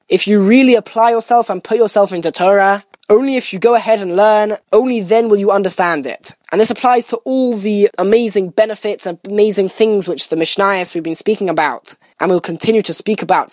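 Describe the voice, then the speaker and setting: A woman's voice: medium pitch, a little mellow, no echo. A woman teaching a Torah lesson, explaining a Mishnah and telling a parable in an earnest way. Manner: earnest explaining, Hebrew and Yiddish terms woven in. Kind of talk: recorded Torah lesson with storytelling.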